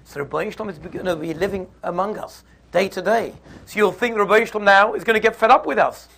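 A man teaching a Torah class, lively and conversational, who acts out little scenes in voices. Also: sits high, fast talker, gravelly, slight background noise. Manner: animated, acts out the quarrel in put-on voices.

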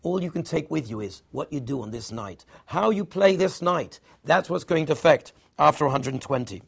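Gravelly-voiced man giving a sermon. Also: fairly high pitch, lively intonation, moderate pace. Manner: weaves Hebrew and Yiddish terms into English teaching. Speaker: rabbi giving a Torah talk.

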